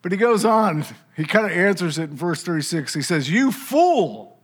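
A man's voice: a little high, brisk, fairly bright tone. A man preaching a sermon, teaching in an emphatic, conversational way with rhetorical asides.

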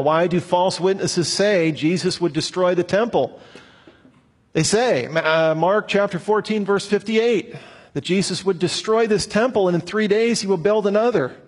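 A man's voice: high voice, slightly rough. Man lecturing in a reverberant hall. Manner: animated, rhetorical questions. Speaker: Bible teacher.

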